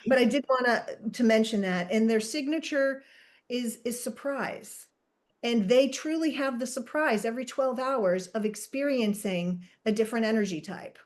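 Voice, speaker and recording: A woman hosting a podcast in casual chat, animated and jokey, thinking aloud as she explains. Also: fairly high pitch, moderate pace. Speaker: podcast host and Human Design reader.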